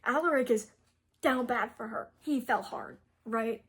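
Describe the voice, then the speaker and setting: A young woman chats her way through a novel's story as a book reviewer, wandering from point to point with constant fillers and easy giggles. Her voice sits a little high and has a soft, breathy grain. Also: measured pace. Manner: rambling, full of "like" and "um" fillers, giggly. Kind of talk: casual plot retelling.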